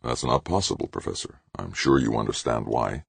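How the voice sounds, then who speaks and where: A man reads a young leader holding firm while staying reasonable, in an audiobook. The voice is very deep and gravelly with a husky grain. It is dry and close to the mic. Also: expressive, normal speed, dry recording, exaggerated voice. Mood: calm.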